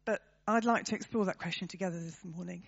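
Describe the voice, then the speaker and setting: A woman's voice: lowish voice, fast talker, vocal fry, breathy edge, highs cut off. A woman preaching a sermon to her church, talking conversationally and turning to the congregation with tag questions.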